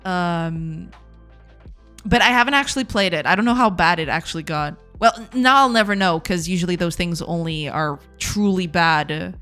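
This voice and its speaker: A woman's voice: on the low side, moderate pace, fairly bright tone, faint music behind. A woman streaming game development live, chatting casually with her viewers, laughing often and repeating herself in a self-deprecating way.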